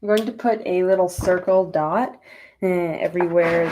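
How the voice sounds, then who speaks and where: A woman's voice: lowish voice, steady tone, normal speed, darkish tone, slight background noise. A young woman chatting casually while crafting on a live stream, rambling with goofy asides and lots of fillers. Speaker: fursuit maker streaming her work.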